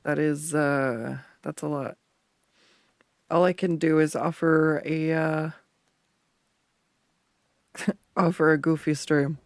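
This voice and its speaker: A man's voice: fairly high pitch, level tone, slow, pauses often, no room sound. A man streaming his drawing work, chatting casually, laughing often and joking about himself. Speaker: art streamer. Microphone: desktop USB condenser mic.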